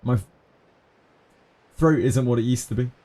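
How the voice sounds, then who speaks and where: A man's voice: mid-range voice, normal speed, dark tone. A middle-aged man streaming a video game, joking crudely and repeating phrases as he muses to himself. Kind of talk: casual live-stream commentary.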